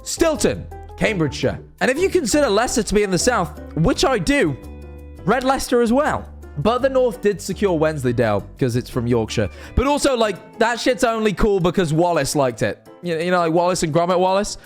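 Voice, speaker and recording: A man's voice: sits high, sing-song, fairly quick, faint music behind. A young man, rambling cheekily and animatedly to camera in a casual monologue. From northern England. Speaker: streamer and vlogger.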